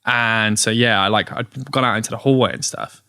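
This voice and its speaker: A man, a gig promoter, telling a story in a casual podcast interview, with animated retellings and frequent laughs. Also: on the low side, moderate pace, no room sound, clean studio sound. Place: podcast studio.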